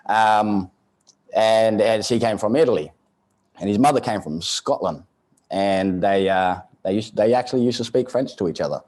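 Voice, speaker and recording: A man's voice: fairly low pitch, moderate pace, darkish tone. A man in his thirties with a South Australian accent, telling funny stories as a guest speaker to a live audience, chatty with lots of restarts. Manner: joking, chatty, with many restarts and chuckles. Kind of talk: humorous storytelling talk to a live audience. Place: studio event space.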